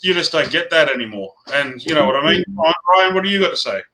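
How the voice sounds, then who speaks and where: A middle-aged Australian man co-hosting a casual chat show, talking in an animated, rambling, blunt way. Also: on the high side, quick pace, rough recording. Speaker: co-host.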